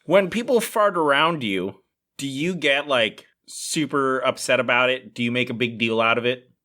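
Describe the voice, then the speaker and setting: Bright-voiced chatty man, podcast co-host. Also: medium pitch, expressive, normal speed. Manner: rambling storyteller, many "like" fillers. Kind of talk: casual chat.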